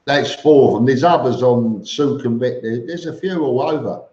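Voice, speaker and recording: Dark in tone and medium in pitch, this man speaks at normal speed while answering live chat on his stream. He reads comments and responds casually but bluntly, matter-of-fact, with many fillers, restarts, and an occasional "mate," in roomy, dull lo-fi audio.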